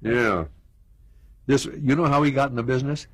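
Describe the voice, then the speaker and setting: Husky older man telling stories. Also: mid-range voice, fairly even intonation, moderate pace, fairly bright tone, no room sound. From United States. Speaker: interview guest. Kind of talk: reminiscing interview.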